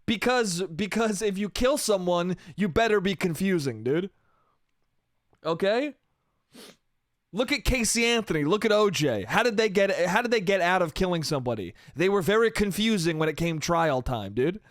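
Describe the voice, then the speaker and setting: Male comic host, solo podcast; fairly high, profane, rambling delivery, dry close sound. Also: expressive, moderate pace, no echo. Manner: rambling, profane, self-amused, restarts often. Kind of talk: solo comedy podcast rant.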